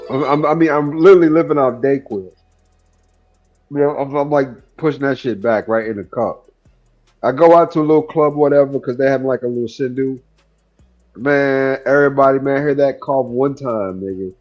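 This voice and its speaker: A man's voice: medium pitch, normal speed, darkish tone, soft background music. Rambling man telling a story, slightly muffled. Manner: rambling, profane storytelling with many fillers. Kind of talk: casual chat.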